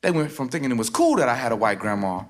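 A man, a rapper telling a spoken-word story in a rhythmic, wry way with dramatic pauses. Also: medium pitch, very animated. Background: guitar music.

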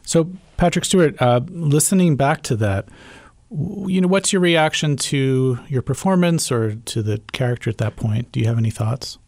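A man's voice: medium pitch, moderate pace, a little mellow, no room sound. A male interviewer asks questions in a curious, conversational way with a few fillers. The sound is close and dry, with no room around it. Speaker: interviewer, host.

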